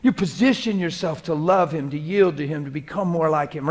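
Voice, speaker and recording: A male preacher with a high-pitched voice delivers a sermon. He swings from loud, urgent exhortation to soft, intimate prayer spoken as if alone with God. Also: brisk.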